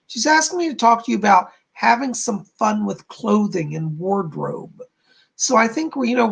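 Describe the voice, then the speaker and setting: Male psychic host, chatty live-stream readings, lively pitch, heavy gravel in the voice. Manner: chatty, relays spirit messages and reads viewer comments aloud.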